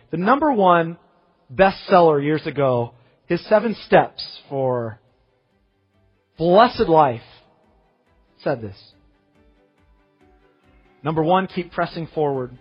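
A pastor preaching a sermon, reading scripture aloud with strong emphasis and rising, ringing phrases. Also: male voice, a little high, sing-song, measured pace, pauses often, breathy edge, faint music behind. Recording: muffled sermon audio with long hall reverb.

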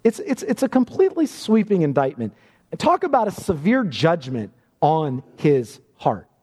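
Male preacher, high-pitched and animated, warm mellow tone, emphatic sermon delivery in a reverberant church. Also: moderate pace, breathy edge.

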